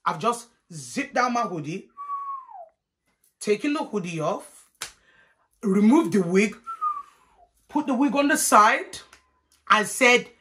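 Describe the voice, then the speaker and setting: A young woman telling a storytime vlog, animated and profane, swinging between loud and hushed. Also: mid-range voice, takes it slowly, pauses often. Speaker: vlogger.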